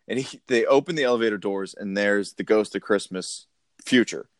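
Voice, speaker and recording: A man's voice: fairly low pitch, normal speed, dry recording. A man co-hosting a casual movie podcast who laughs often and acts out quotes. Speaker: podcast co-host. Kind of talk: casual chat about a movie.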